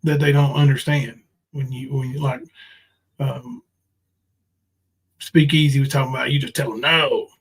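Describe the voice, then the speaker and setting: A man's voice: medium pitch, fairly even intonation, moderate pace, long pauses, breathy edge, poor audio. A man ranting on a livestream, confrontational and profane, full of ums and restarts. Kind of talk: casual livestream rant.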